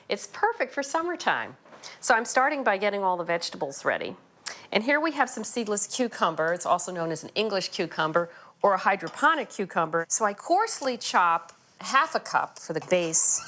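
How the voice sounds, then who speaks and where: A woman's voice: on the low side, sharp tone. A woman TV chef hosting a cooking show, explaining each step in a chatty, enthusiastic way from a studio kitchen on a lapel mic. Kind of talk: cooking demonstration.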